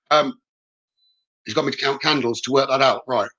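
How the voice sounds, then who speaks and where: A man's voice: mid-range voice, moderate pace, bright, forceful tone, highs cut off. A man working as a psychic medium in a live reading, relaying messages in a reassuring way and often checking in with "okay?". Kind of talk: live-streamed spirit reading.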